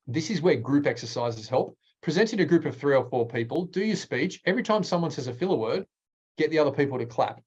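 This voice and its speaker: A man, a speaking coach presenting a workshop in an energetic, emphatic way with deliberate pauses. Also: slightly rough, highs cut off. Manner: energetic, emphatic, varies pitch widely.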